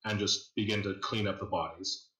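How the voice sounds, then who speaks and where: A man's voice: fairly low pitch, steady tone, fairly quick, sharp tone. A man narrating a tabletop game as game master, casual and full of fillers. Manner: casual, filler-heavy storytelling. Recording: echoey room.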